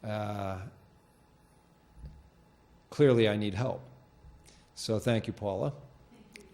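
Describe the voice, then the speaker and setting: A man hosting a local TV show from a studio, talking off the cuff in a halting, rambling way with lots of fillers and restarts. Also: lowish voice, warm tone. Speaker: host of a local cable show. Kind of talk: unscripted studio monologue. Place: TV studio with green screen.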